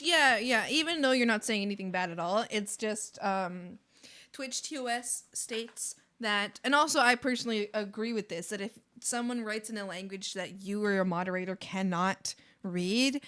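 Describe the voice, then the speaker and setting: A woman's voice: medium pitch, a bit bright. A young woman streaming, chatting casually with her viewers, giggling, apologizing and rambling with lots of fillers.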